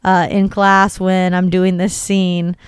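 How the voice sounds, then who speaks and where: A woman's voice: lowish voice, flat delivery, takes it slowly, clear, resonant tone, no echo, clean studio sound. A woman co-hosting a podcast in casual chat, talking loosely with lots of fillers and easy laughs. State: sore neck from character acting. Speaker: podcast co-host.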